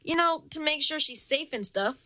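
A woman acting as a jumpy, wisecracking teenage boy with quick comebacks in a radio drama. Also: sits high, expressive, no echo. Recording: loud background noise.

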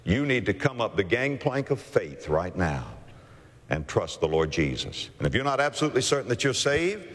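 Impassioned preacher in a reverberant hall. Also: male voice, on the low side, sing-song, moderate pace, fairly bright tone. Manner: impassioned, preacherly, acts out characters in a story. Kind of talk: evangelistic sermon with storytelling.

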